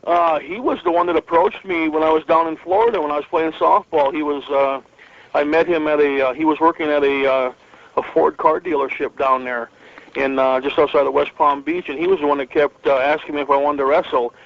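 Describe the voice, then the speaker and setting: Rambling, flat-voiced older-sounding wrestler, muffled audio. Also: male voice, on the high side, a little fast, creaky. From northern Michigan. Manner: rambling, many fillers and restarts, chuckles often. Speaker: interview guest, retired pro wrestler. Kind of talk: relaxed storytelling interview.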